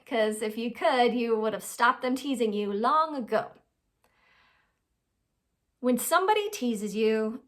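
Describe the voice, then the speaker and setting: Woman with a slightly high voice, teaching life skills in a chatty, conversational way. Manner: conversational, keeps checking in with "right?" and "all right?"; acts out quoted people in lively little voices. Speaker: advice host. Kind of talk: informal life-skills lesson.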